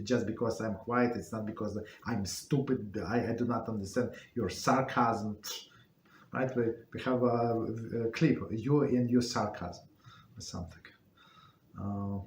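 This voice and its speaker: Halting man teaching a Torah class. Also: fairly low pitch, steady tone, darkish tone, reverberant, a little hiss or hum. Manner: halting, many fillers and restarts. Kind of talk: casual spoken Torah class.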